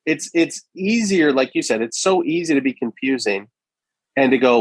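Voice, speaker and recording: A man's voice: medium pitch, moderate pace, dry recording. A man co-hosting a casual podcast, talking emphatically and acting out reactions. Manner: animated, emphatic, acts out quoted reactions. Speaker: podcast co-host.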